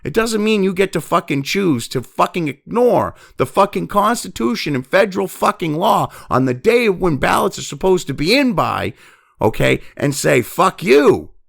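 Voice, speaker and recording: A man's voice: sits high, sing-song, vocal fry. A man hosting ranting news commentary, profane and exasperated, sighing heavily and breaking off from reading news to vent. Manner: reads news text quickly, then breaks off to vent.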